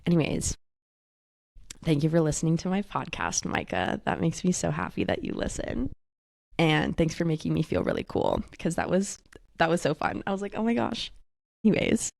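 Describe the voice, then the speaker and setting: A woman's voice: sits low, big pitch swings, normal speed, gravelly, a little mellow, no echo, clean studio sound. A young woman in her twenties hosting a casual podcast, chatting and gossiping as she quotes herself. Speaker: podcast host. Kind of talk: casual chat.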